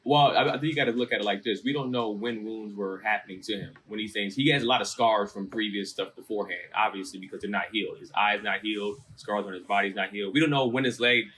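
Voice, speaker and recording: Male co-host, fast, halting delivery with repeats, opinionated. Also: fairly low pitch, fairly bright tone, a little hiss or hum. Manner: halting, repeats words as he builds a point. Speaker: podcast co-host. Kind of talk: casual chat.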